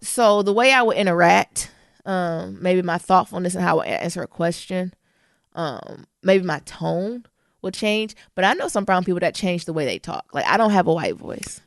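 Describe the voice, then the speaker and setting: A woman with a low, gravelly voice and a Midwest Southern twang, speaking with blunt, animated energy. She co-hosts a casual podcast and talks freely, with slang and frequent laughter. The sound is dry and close to the mic. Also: moderate pace, no echo. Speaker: podcast co-host. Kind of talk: casual conversational podcast chat.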